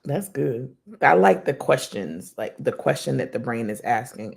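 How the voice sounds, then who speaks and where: Woman partner on an accountability call, deep gravelly fry, husky, thoughtful and unhurried. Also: lively intonation, darkish tone. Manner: reflective, measured, with many "um" pauses. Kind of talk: casual video-call chat.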